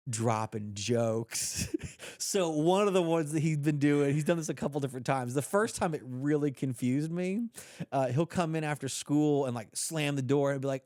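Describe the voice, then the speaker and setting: A man in his thirties co-hosts a casual podcast, chatty and quick to laugh. His voice sits at a middle pitch. The recording is dry, with no room around him. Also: no room sound. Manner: playful, laughing, retells jokes with quiet storytelling voice. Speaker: podcast co-host. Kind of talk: casual chat.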